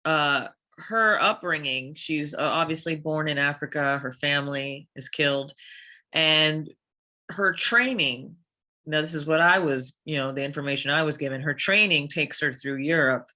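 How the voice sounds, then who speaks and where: A woman voice actress answering interview questions, hesitant and thoughtful, with frequent pauses and self-corrections. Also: deep voice, sharp tone. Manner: hesitant, many fillers and restarts. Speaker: voice actress guest. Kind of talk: casual interview chat.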